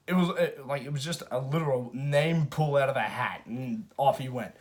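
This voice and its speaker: Male reviewer, mid pitch, loose chatty delivery, lots of false starts and filler, casual swearing. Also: lively intonation, quick pace. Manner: rambling, many restarts and fillers. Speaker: movie reviewer. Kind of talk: casual spoken film review.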